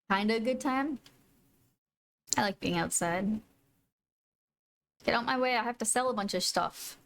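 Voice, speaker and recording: A woman's voice: on the high side, slow pace, creaky, long pauses, fairly bright tone. A woman live-streaming a video game, chatting casually with viewers and gushing over her pets. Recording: faint music behind.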